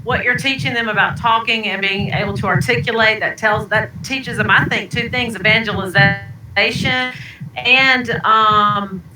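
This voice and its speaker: A woman's voice: on the high side, steady tone, measured pace. A woman with a Southern accent interviewing guests in a casual chat, hesitating with fillers as she asks questions. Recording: echoey, noisy, distant call audio.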